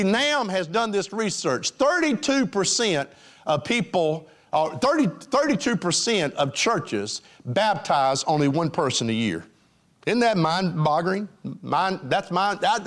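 Lively-pitched preaching man. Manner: emphatic, rising and falling preaching cadence with frequent fillers. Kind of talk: sermon.

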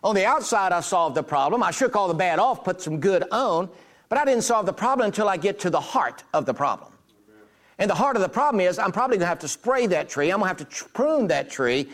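A man's voice: high voice, sing-song, quick pace, a bit bright. A middle-aged man preaching a sermon, telling homely stories and acting out the dialogue in them. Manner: folksy storytelling, acts out quoted dialogue. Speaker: pastor.

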